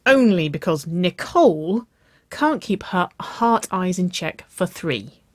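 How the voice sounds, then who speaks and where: A woman reading a story aloud and voicing a playful young woman who squeals and pleads in a high, giggly voice. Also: lively intonation, slow, no echo. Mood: teasing.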